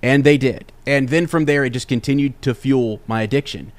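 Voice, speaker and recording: A young man hosting a podcast, telling a casual story in an animated, rambling way with many restarts. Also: mid-range voice, normal speed. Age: young adult. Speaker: podcast host.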